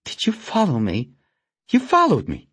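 A man's voice: high voice, wildly swooping pitch, normal speed, a bit bright, husky, no room sound, clean studio sound, voice pushed up, heavily acted. A man voicing a tightly controlled female federal agent who speaks in a cool, clipped, defensive way. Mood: startled.

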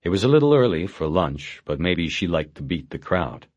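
Deep-voiced man narrating a novel. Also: dry recording, lo-fi sound. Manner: steady, measured reading. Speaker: audiobook narrator. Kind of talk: scripted narration.

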